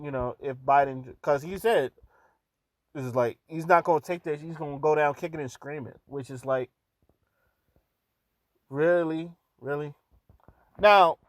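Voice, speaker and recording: Profane, rambling man with a high voice. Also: dry recording. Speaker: vlogger. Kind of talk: casual opinion monologue.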